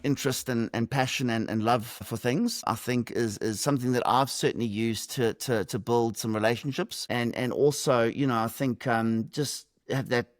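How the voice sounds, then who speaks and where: A man's voice: mid-range voice, steady tone, normal speed, hardly any pauses, dry recording, clean studio sound. Reflective man on a call. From South Africa. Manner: reflective, lightly humorous, many fillers. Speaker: podcast guest. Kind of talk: conversational interview answers. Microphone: video call.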